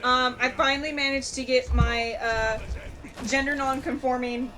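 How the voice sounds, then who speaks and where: Woman on a game stream, eager n chatty, slightly high voice, music going behind. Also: steady tone, moderate pace. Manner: eager, chatty, laughs often. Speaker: stream co-host. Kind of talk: casual gaming stream chat.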